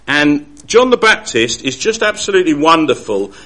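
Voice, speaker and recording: A man giving a Bible study talk, earnest and halting, often restarting his sentences. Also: on the high side, sing-song, pushed and bright. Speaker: Bible teacher.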